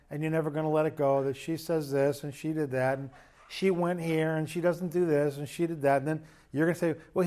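A man's voice: fairly high pitch, a little mellow. A man preaching a sermon as pastor in a church, conversational and joking with emphatic bursts.

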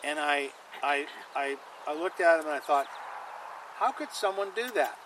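A male pastor delivering a sermon in a high, bright voice. He leans hard on key lines, repeats them for weight, and draws the congregation in. A faint hiss of noise sits underneath. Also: expressive, normal speed, low-quality recording. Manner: emphatic, repeats lines for stress, calls on the congregation.

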